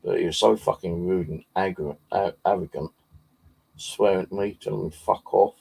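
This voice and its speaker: Man, low husky voice, dark tone, casual sweary storytelling. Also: fairly even intonation, moderate pace. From Bexley, southeast London. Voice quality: deep gravelly husky voice. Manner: heavy swearing, rambling with fillers. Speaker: paranormal vlogger. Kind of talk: casual rambling anecdote.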